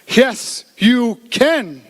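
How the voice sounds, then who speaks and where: A bemused barman behind a foreign bar, as a man puts him on mid-joke. The voice jumps up high and the words come slowly and drawn out. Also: lively intonation, a bit bright, big-room sound, exaggerated voice. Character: male barman abroad, bemused.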